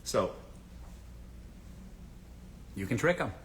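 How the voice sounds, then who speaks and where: A man's voice: medium pitch, big pitch swings, extremely slow, a little hiss or hum. A man from the American South hosting a casual livestream, giving blunt dating advice, swearing freely and asking the audience rhetorical questions.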